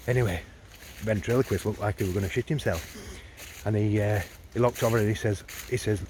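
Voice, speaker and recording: Rambling comic storyteller. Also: male voice, fairly low pitch, brisk, darkish tone, a little hiss or hum. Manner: rambling, chatty, with many fillers. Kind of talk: comic monologue told as a pub tale.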